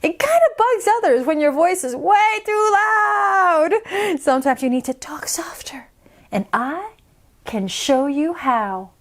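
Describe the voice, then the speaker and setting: A woman voicing a patient, kindly schoolteacher in a storybook, explaining calmly and gently. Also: high-pitched, slow pace, exaggerated voice. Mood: gentle.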